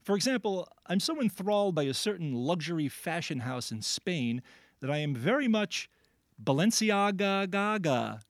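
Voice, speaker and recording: Quiz host, male, playful and jokey, lively pitch, dry studio sound. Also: moderate pace, dry recording. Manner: animated, jokey, laughs often. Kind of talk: playful radio word quiz.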